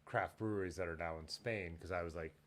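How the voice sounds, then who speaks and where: A man hosting a live stream in casual chat, excitable and jumping between topics, laughing often. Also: sits low, a little fast. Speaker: livestream host.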